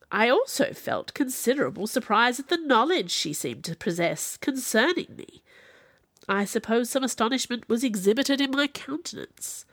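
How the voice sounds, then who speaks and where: A woman reading a classic novel aloud as narrator, with expressive, dramatic delivery. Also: fairly high pitch, dry recording, clean studio sound. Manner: expressive, dramatic in quoted speech.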